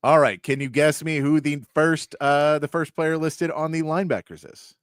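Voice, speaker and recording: A man's voice: a little high, flat delivery, moderate pace, clear, resonant tone, no room sound, clean studio sound. A man hosting a sports talk show, reading through lists of player names and chatting, sometimes tripping over a name. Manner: reads off long lists of names, stumbling on some. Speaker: sports radio host.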